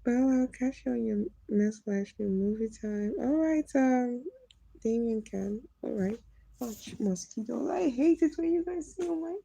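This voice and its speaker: A woman's voice: fairly high pitch, lively intonation, measured pace, vocal fry, warm tone, breathy edge, dry recording, low-quality recording. A woman live-streaming, chatting casually with viewers, teasing them and laughing often as she reads their comments.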